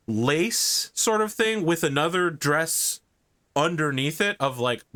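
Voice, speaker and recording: A man's voice: mid-range voice, pushed and bright. A man running a tabletop game as game master, describing scenes loosely with many fillers.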